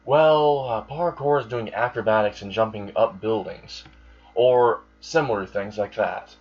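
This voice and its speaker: A man voicing a casual, helpful young male hero in a plain, offhand way, with a low voice and dull lo-fi sound. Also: unhurried, darkish tone, husky, faint music behind. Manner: offhand and chatty.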